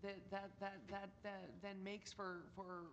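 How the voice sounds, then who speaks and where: A woman's voice: mid-range voice, flat delivery, a little slow, fairly bright tone, lo-fi sound, slight background noise. Hesitant woman questioning at a council meeting. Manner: hesitant, repeats words. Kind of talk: committee questioning.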